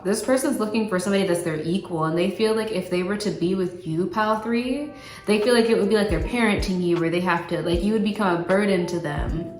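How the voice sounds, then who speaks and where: A woman giving a casual tarot reading to camera, blunt and chatty, swearing freely and talking with lots of fillers. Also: lowish voice. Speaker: tarot card reader. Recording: roomy echo with faint music.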